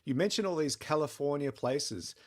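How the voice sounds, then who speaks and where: A man's voice: fairly high pitch, normal speed. An Australian man hosting a casual podcast interview, steering it with questions and short agreeing remarks. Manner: steers the talk with questions, brief backchannels. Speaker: podcast host.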